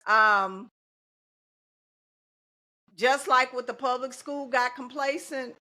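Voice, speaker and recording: A woman's voice: high-pitched, slow, pushed and bright. A middle-aged woman, a teacher and union organizer talking casually and determinedly as a podcast guest. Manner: determined, speaks in slogans, laughs easily.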